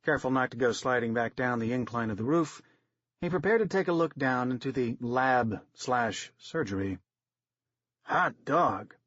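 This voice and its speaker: A man narrating an audiobook in a steady, wry storytelling manner, in a dry, slightly dull recording. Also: mid-range voice, normal speed, no room sound.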